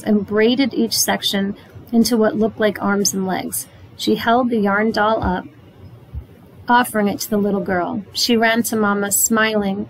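A woman reading a chapter book aloud to young listeners, at a steady, clear pace. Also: mid-range voice, slight background noise, rough recording. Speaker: read-aloud narrator.

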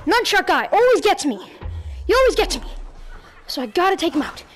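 A woman giving casual gameplay commentary at home on a headset, talking to the game and shouting at the enemies in frustration. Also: extremely high pitch, sing-song, brisk, soft background music. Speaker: gaming YouTuber.

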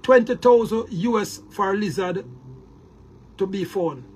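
A man's voice: high-pitched, a little slow, darkish tone, slightly rough. A Jamaican man delivering a heated, boastful monologue to his viewers, repeating words and restarting often. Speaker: online commentator.

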